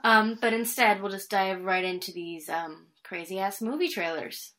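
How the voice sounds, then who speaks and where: Chatty podcast lady, bright voice, laughs a lot while talking movies. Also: medium pitch, a little slow. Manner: chatty, laughs often, animated. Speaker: podcast co-host. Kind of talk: casual movie chat.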